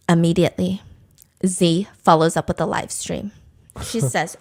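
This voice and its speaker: A woman hosting a podcast, telling a dating drama in an animated, gossipy way and laughing often. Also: fairly low pitch, a little slow. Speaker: podcast host. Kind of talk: storytelling commentary.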